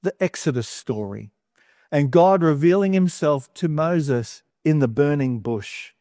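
A man's voice: fairly high pitch, lively intonation, unhurried, mellow, no echo, studio quality. A man giving a conversational sermon, chatty and wry, with humorous asides between scripture readings. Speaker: preacher.

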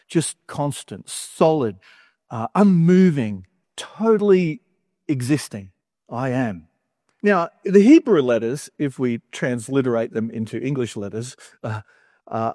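A man's voice: medium pitch, no room sound. Man preaching conversationally, dry sound. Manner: conversational, wry asides, animated emphasis. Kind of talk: sermon.

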